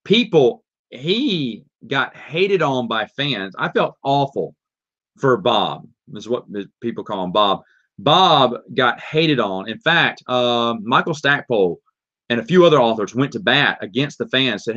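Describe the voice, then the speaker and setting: In dull lo-fi stream audio, a man with a Southern accent reads viewer questions aloud and rambles through casual answers. His medium-pitched voice is animated and sharp-toned, at a normal speed.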